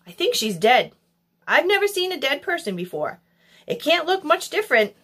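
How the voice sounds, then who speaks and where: A woman reading aloud and voicing an excitable onlooker in a crowd, chattering eagerly. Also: high voice, normal speed, voice pushed up, heavily acted. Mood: excited.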